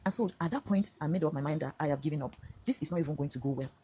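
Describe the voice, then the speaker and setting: A woman's voice: deep voice, rapid-fire, mellow, husky. A Nigerian woman in her fifties giving an earnest, emphatic personal testimony to camera, now and then slipping into Pidgin phrases. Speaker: vlogger telling her own story.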